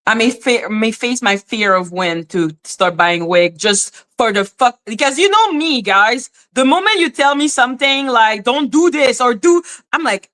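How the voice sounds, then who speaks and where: A woman's voice: on the high side, fairly bright tone. A woman hosting a casual livestream, talking to her chat in an emotional, openly apologetic way and swearing freely. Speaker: livestream host reading chat.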